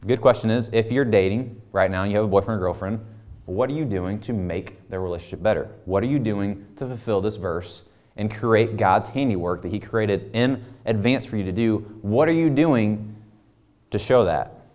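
A man's voice: lowish voice, normal speed, darkish tone. A man in his thirties preaching a conversational sermon full of rhetorical questions. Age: 30s. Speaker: pastor.

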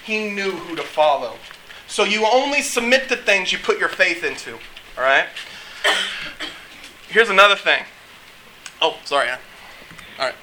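A man preaching a casual, joking sermon, acting out quotes with lively energy. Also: sits high, unhurried, pauses often, noisy background. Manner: animated, joking, acts out quotes.

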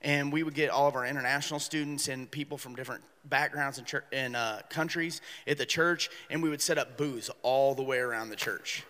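A man speaking at a ministry workshop, telling stories in an animated way and acting out the people in them. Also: medium pitch, fairly quick, hardly any pauses. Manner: animated storyteller acting out voices. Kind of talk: storytelling talk. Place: workshop hall. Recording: live talk in a hall with long reverb.

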